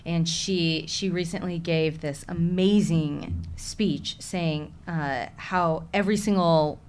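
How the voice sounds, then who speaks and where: A woman's voice: on the low side, fairly even intonation, slow, a little mellow. A woman with a Chicago accent, an actress talking candidly in a casual interview and laughing often. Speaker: actress, podcast guest.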